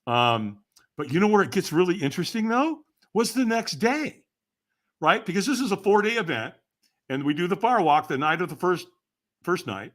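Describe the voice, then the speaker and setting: An older man, guesting on a podcast, speaks at normal speed in a high, fairly bright, very animated voice. His storytelling is energetic; he voices the people he quotes and laughs a lot.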